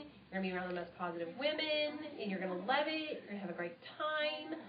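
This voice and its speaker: A bubbly woman with a twang runs a live training session, talking cheerfully to a small group. She is caught from across a roomy space on a tablet mic, so the sound is distant and a bit dull, with a faint hiss underneath. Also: a little high. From United States. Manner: bubbly and enthusiastic, chatty. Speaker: sales trainer. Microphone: tablet mic from across the room.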